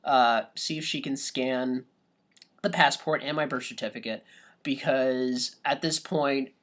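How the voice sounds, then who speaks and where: A man co-hosting a podcast, telling a travel story in a casual, halting way with many fillers and restarts. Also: medium pitch, steady tone, a bit bright. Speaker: podcast co-host.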